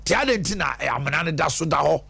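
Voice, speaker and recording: A Ghanaian man hosting a phone-in radio show, talking in a lively back-and-forth with callers in a studio. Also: fairly high pitch, fast talker, gravelly, slightly rough, no echo. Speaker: radio host taking callers.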